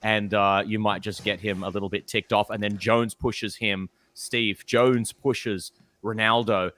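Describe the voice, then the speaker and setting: A man's voice: lowish voice, level tone, a little slow, a bit bright. Boisterous man hosting. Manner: boisterous, swearing, gleeful. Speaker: podcast host. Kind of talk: casual chat.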